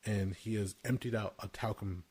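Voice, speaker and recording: With a fairly low, husky, darkish voice, a podcast host in his thirties keeps a steady tone at normal speed. He chats casually through stories, swearing freely and laughing throughout.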